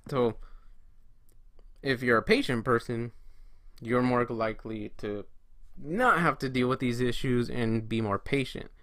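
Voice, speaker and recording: A man with an average-pitched voice talks in a loose, conversational way, like a coach explaining things. The sound is dry and close, with almost no room echo. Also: measured pace, long pauses, a bit bright. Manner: conversational, acts out inner voices and quoted friends. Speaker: trading coach. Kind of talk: casual solo talk to camera.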